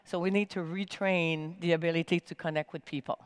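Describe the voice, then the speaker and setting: A woman giving a motivational talk from a conference main stage, energetic and emphatic, with big swings in pitch. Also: fairly quick, smooth, no room sound. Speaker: keynote speaker.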